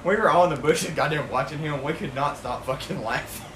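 A man with a Southern US accent telling a story loudly with heavy cursing, laughing between lines. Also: fairly high pitch, brisk. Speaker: podcast co-host. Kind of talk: casual storytelling. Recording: echoey room with audible hiss.

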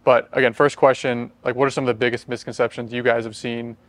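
A young man hosting a casual podcast discussion, leading the questions in a quick, conversational way. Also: mid-range voice, level tone. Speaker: podcast host.

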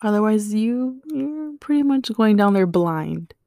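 A woman's voice: medium pitch, lively intonation, measured pace, dark tone, no room sound, clean studio sound. A woman hosting a casual solo podcast, explaining facts with slangy asides and joking reactions. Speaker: podcast host.

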